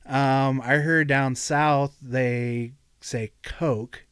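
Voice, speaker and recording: Laid back midwest guy on a podcast, smooth clear voice, dry close mic. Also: mid-range voice, fairly even intonation, drawn-out words, a bit bright, dry recording. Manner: easygoing, many fillers, laughs a lot. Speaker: podcast guest. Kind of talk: casual podcast chat.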